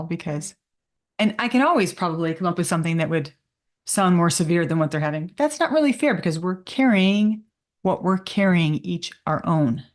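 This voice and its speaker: A woman co-hosting a podcast, speaking candidly and wryly, her words at times slurring and rushing together. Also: fairly low pitch, lively intonation. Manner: wry, candid, sometimes slurred and rushed speech. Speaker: podcast co-host. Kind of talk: casual conversational podcast talk.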